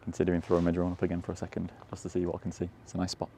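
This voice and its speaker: A man's voice: deep voice, completely flat delivery, very fast, dark tone, a little hiss or hum. A man chatting casually as he walks outdoors through countryside, rambling and chuckling. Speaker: walking tour vlogger. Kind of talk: casual walking commentary. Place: countryside fields and lanes, outdoors.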